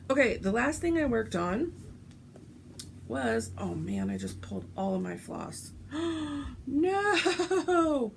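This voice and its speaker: Woman, casual at-home vlogger, rambling chat, gravelly and a touch hoarse. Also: mid-range voice, slight background noise. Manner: chatty, rambling, with frequent ums. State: voice going hoarse. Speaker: cross-stitch vlogger. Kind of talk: casual show-and-tell chat.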